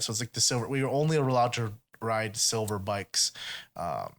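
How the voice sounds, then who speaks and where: A man's voice: mid-range voice, brisk, a bit bright. Laid-back, swearing male podcast host. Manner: laid-back and profane, retells stories in quoted voices. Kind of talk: casual podcast chat.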